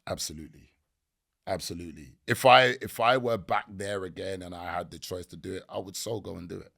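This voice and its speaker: A man, a podcast guest telling stories in a lively, slangy way. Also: low voice, brisk, vocal fry. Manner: animated storytelling with slang. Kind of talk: casual podcast interview.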